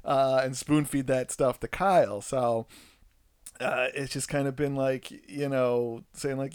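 A man in his thirties tells a casual, rambling story about being a parent, joking at his own expense. His voice is medium-pitched, smooth and a little slow, and he restarts often but gets animated when acting out quotes. The recording is clean studio sound with no room sound.

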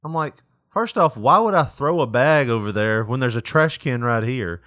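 A man's voice: medium pitch, lively intonation, moderate pace, a bit bright, dry recording, clean studio sound. A young man telling a work story in casual chat, laughing often and acting out quotes. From Tennessee.

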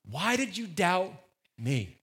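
A male preacher voicing a patient male teacher who gently chides and coaxes his student in a sermon retelling. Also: high voice, big pitch swings, takes it slowly, full character voice. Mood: gentle. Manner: gently reproachful, coaxing.

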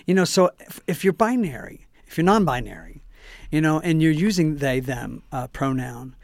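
A man's voice: fairly high pitch, lively intonation, normal speed, creaky, no echo. Dry-toned chatty male talk-show host. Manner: chatty, restarts phrases. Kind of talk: casual talk-show chat.

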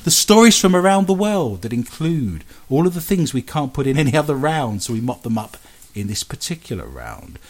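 A man's voice: mid-range voice, sing-song, brisk. A man hosting a radio show, trading cheeky, bawdy jokes with his co-host and laughing at his own lines. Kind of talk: bawdy comic banter.

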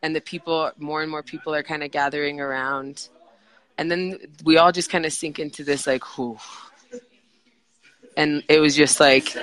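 A woman's voice: low voice, fairly even intonation, normal speed, a bit bright, poor audio. A woman who is a podcast guest, telling a personal story casually in a rambling way, with many fillers and restarts.

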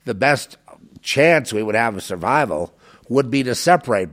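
A man talking as a show host in a rambling monologue, emotional and full of fillers, swinging between loud outbursts and low mutters. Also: expressive, moderate pace. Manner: many fillers and restarts.

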